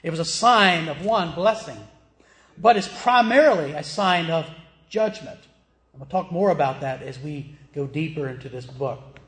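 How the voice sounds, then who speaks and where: Southern preacher guy, highish voice, plain and emphatic, lots of questions to the room, echoey. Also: normal speed, fairly bright tone. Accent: Southern American. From American South. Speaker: pastor. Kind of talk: sermon.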